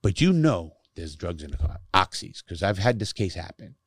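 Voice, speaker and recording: Man, middle-aged, deep low voice, blunt, profane, emphatic, casual storytelling. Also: sing-song, normal speed, breathy edge, dry recording, studio quality. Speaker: guest, former prisoner who speaks to youth.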